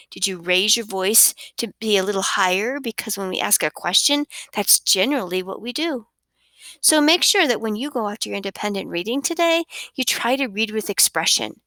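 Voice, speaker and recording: A woman teaching a recorded reading lesson for children, with an expressive, sing-song teacher's delivery on a close mic. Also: medium pitch, no room sound.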